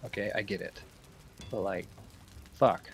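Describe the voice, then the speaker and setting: A man's voice: on the low side, unhurried, breathy edge. A man streaming a game, talking bluntly and swearing freely in casual chat. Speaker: gaming streamer.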